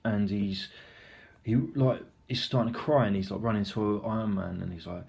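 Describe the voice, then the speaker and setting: A man's voice: fairly low pitch, moderate pace, vocal fry, darkish tone. A young man casually recapping a film, rambling, swearing freely and acting out the scenes. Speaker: film reviewer.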